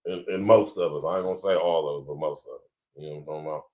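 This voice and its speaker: A man's voice: extremely low pitch, racing, dark tone. A man with a Columbus, Ohio accent hosting a podcast, talking in a casual, laid-back way to his viewers and chuckling often. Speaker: podcast host. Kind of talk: casual commentary to a live audience.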